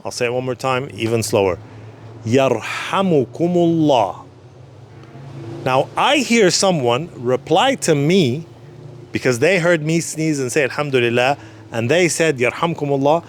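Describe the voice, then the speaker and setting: A man teaching a short religious lesson, calm and patient, who repeats each phrase again more slowly so the listener can follow. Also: mid-range voice, slight background noise.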